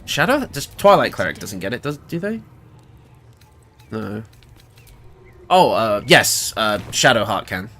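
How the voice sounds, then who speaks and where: A man's voice: lowish voice, big pitch swings, unhurried, pauses often, pushed and bright. A man with a British accent chatting casually while streaming a game, thinking aloud and laughing often. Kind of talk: casual gameplay livestream commentary.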